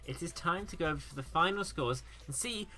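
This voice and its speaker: A man's voice: on the high side, expressive, brisk, bright, forceful tone. A man hosting a podcast quiz, calling answers correct and teasing in a dry, mock-dramatic way. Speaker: quiz host.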